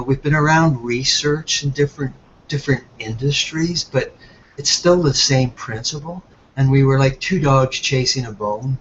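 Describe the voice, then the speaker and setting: A man's voice: mid-range voice, fairly bright tone. A man with an Irish accent giving a friendly, rambling talk full of fillers on a webinar. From Ireland. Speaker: presenter on a webinar. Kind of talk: casual talk. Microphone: computer mic on a web call. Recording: dull web call audio with faint noise.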